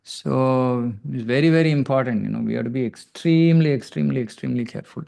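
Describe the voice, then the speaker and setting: A man leads a devotional scripture class, chanting Sanskrit verses and then reading out their translations. His voice sits at a middle pitch. He speaks reflectively and humbly, often stopping to search for the next word. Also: fast talker, creaky, dark tone, dry recording. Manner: self-deprecating.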